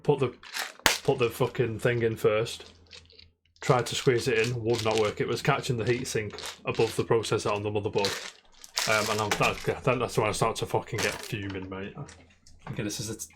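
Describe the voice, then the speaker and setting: There's background noise as a man with a lowish voice co-hosts a casual podcast. Chatting loosely, he spins a long, rambling story full of constant swearing.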